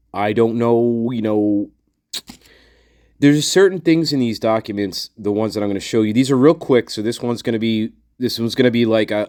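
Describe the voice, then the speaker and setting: Brief: male channel host, mid-pitched, dry close sound, casual repetitive rambling commentary. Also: a little mellow, dry recording. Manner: rambling, repeats himself, effusive toward viewers.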